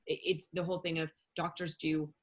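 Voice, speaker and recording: A woman talking as an interview guest, rambling and animated, with many fillers and restarts. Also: deep voice, a little fast. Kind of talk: casual interview chat.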